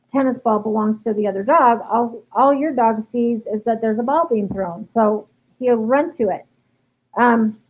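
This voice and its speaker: A woman dog trainer answering viewer questions in a live stream, explaining casually with many ums and restarts. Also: a little high. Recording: tinny phone-like livestream audio.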